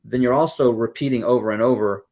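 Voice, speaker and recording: Man, podcast guest, mid-pitched, earnest explainer who leans on analogies. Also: fairly even intonation, fast, a little mellow. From Southern United States. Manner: acts out quoted exchanges. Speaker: guest music educator. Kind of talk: podcast interview.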